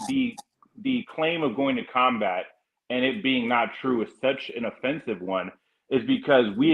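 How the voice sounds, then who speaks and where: A man's voice: mid-range voice, narrow, tinny audio. A man from California hosting a casual panel chat, rambling and restarting his sentences often. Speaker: podcast host.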